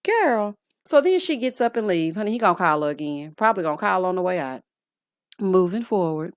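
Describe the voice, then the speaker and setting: A woman in her late thirties giving a sassy, animated recap of a reality TV episode, full of scolding asides and endearments. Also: fairly low pitch, a little fast, no echo, studio quality. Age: late 30s. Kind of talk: casual recap commentary.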